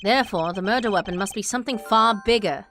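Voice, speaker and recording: A woman voicing a calm, pompous male prosecutor who lays out deductions in a measured, deliberate way. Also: mid-range voice, faint music behind, close to an everyday voice.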